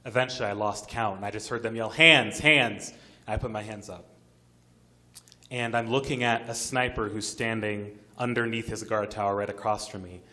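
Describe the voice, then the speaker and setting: A man's voice: lowish voice, flat delivery, brisk, a bit bright. A man narrating a personal story at a live story slam on an arts center stage, vivid and building suspense.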